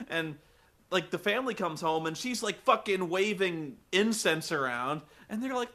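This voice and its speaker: A man's voice: fairly high pitch, normal speed, pushed and bright. A man giving a comedic film review in a rambling, profane way, full of fillers.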